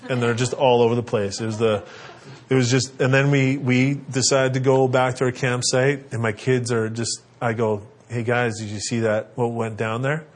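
A dad telling parenting stories. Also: male voice, moderate pace. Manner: animated, acts out kids' voices in a high pitch. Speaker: father giving parenting advice. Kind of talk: casual storytelling with advice.

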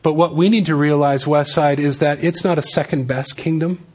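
A man's voice: fairly high pitch, fairly even intonation, normal speed, a little mellow. A man preaching a sermon as pastor, reading scripture and adding casual, joking asides.

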